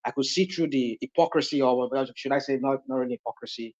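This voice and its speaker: A man's voice: medium pitch, fast, darkish tone. A man from Nigeria speaking on a live online panel, rambling with many fillers and restarts. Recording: dull lo-fi audio.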